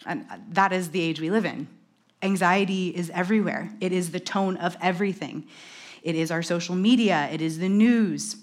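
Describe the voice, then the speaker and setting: A woman delivers a conversational sermon. She talks fast and animatedly and drops in quick self-deprecating asides. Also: fairly low pitch. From New York. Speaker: preacher.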